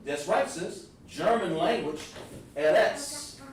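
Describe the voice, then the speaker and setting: Speaking at a measured pace in a slightly high voice, a religious teacher holds a live-streamed scripture class, carefully explaining word meanings and talking to his audience directly. The sound comes from far off in a very reverberant room with slight background noise.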